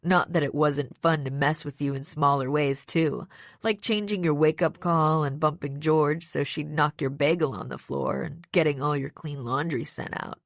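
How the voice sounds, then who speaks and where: A woman's voice: low-pitched, fairly even intonation, moderate pace, gravelly, dry recording, clean studio sound. A woman voicing a smug young male villain in an audiobook, speaking sarcastically and mockingly. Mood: sneering. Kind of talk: audiobook character voice.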